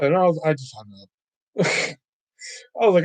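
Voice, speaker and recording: A man's voice: on the high side, lively intonation, moderate pace, pauses often, a little mellow, no room sound. Profane, rambling man telling stories. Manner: profane, rambling, quotes callers in shifting voices. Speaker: livestream host. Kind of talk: casual storytelling chat.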